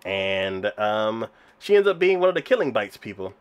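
A man's voice: fairly low pitch, big pitch swings, moderate pace, clean tone, muffled recording. A man casually recapping a show's scenes, with many fillers and frequent laughter. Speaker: podcast co-host reviewing anime. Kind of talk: casual chat.

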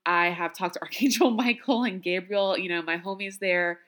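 A woman's voice: lowish voice, fairly even intonation, normal speed, a bit bright. A woman hosting a podcast in casual chat, talking freely with self-deprecating asides and frequent laughs. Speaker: podcast host.

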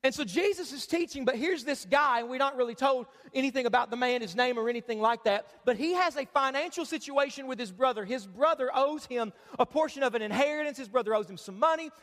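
A man with a very high voice preaches a sermon in a church auditorium. He keeps it conversational and joking, drawing the crowd in to read along. Long reverb from the hall hangs on his words. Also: fast talker, few pauses, fairly bright tone. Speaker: pastor.

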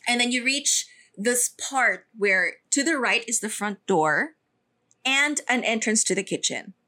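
A young woman co-hosting a podcast, telling a story in animated casual chat, swearing freely and slipping in Tagalog phrases. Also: a little high, unhurried. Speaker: podcast co-host.

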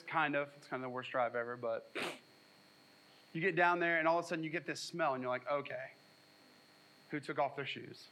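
A man's voice: a little high, poor audio. A man preaching a sermon as pastor, reading scripture and retelling it with casual asides and jokes. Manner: animated storytelling with asides and jokes.

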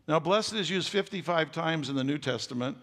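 An older man preaching a sermon as pastor, folksy and joking, building to loud emphatic stretches. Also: fairly high pitch, expressive, fairly quick. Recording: long hall reverb.

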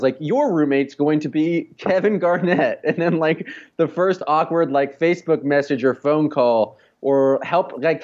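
Male podcast co-host, rambling and loose, slightly high voice, muffled audio. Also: darkish tone. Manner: rambling with many "like" fillers. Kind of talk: casual sports podcast chat.

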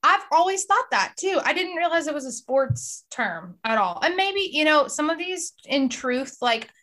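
A woman co-hosting a casual podcast talks in a high, bright voice. She rambles in long turns and acts out what people said in her stories. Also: sing-song, normal speed. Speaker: podcast co-host. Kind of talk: casual chat.

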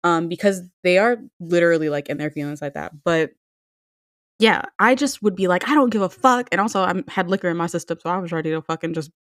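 A woman's voice: fairly low pitch, quick pace, no echo, studio quality. A young woman co-hosting a casual podcast chat, telling blunt, profane stories and acting out what people said. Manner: blunt, profane storytelling with acted-out quotes.

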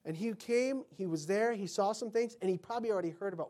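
Animated male pastor preaching. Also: sits high, quick pace. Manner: animated storytelling, acts out quotes, swings from loud to whispering. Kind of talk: sermon.

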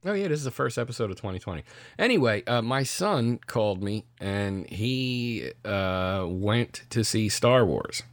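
A middle-aged man co-hosting a podcast, telling stories in a casual, profane, animated way. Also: fairly low pitch, measured pace, no echo. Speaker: podcast co-host. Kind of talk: casual chat.

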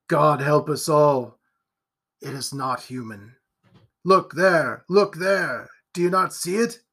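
A man voicing a brave middle-aged gentleman in an audiobook, speaking in urgent, loud exclamations. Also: sits high, slow, full character voice. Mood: hushed awe. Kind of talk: audiobook character reading.

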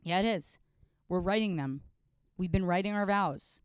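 A woman's voice: fairly low pitch, normal speed, clean tone, no room sound, studio quality. Wry young woman on a podcast. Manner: wry, deadpan storytelling. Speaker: podcast co-host. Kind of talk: casual comedic chat.

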